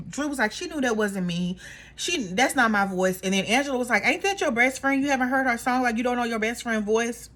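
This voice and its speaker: A woman casually recapping a reality show in a gossipy, animated way, acting out the cast members' lines. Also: a little high.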